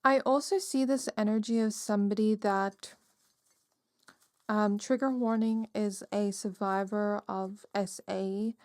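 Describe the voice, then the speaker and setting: Chill tarot lady rambling softly with lots of "like", dry voice, mid pitch. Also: fairly even intonation, a little slow, no room sound. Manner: soft, musing, many "like" and "um" fillers. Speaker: tarot reader. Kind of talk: casual pick-a-card tarot reading.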